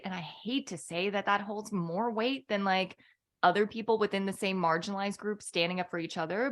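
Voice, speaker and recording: A woman's voice: mid-range voice, a bit bright. A woman who is a former TV reporter and author, speaking earnestly and reflectively as a podcast guest. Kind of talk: casual interview chat.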